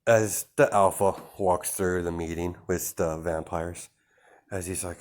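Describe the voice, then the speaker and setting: Slow, rambling young male storyteller. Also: sits low, steady tone. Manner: rambling, filler-heavy, self-correcting. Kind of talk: improvised fan-fiction narration.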